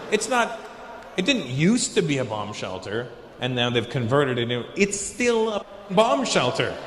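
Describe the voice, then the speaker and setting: A man performing stand-up comedy on a big stage, telling his story with lots of animation and slipping into the voices of the people in it. His voice sits a bit high for a man. The sound rings with the echo of a live venue, and there is faint noise behind him. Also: fairly bright tone.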